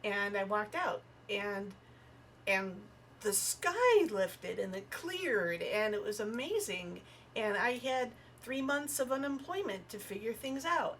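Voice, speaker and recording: A woman's voice: on the high side, a little hiss or hum. A woman comedian and podcast guest chatting casually and telling personal stories, acting out the voices of the people in them. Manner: animated, acts out voices in her stories. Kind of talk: casual storytelling chat.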